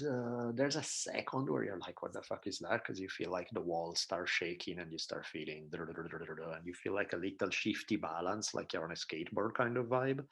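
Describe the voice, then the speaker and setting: Gravelly-voiced man with a heavy accent. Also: fairly low pitch, a bit bright. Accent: Italian. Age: 40s. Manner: laid-back, profane storytelling with acted-out quotes. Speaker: podcast guest. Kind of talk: casual chat.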